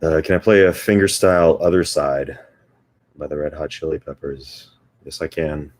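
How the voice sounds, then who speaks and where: A man's voice: rumbling low, moderate pace, a little mellow. A man hosting a guitar live stream, chatting casually between songs in a rambling, self-deprecating way with lots of fillers. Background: guitar playing.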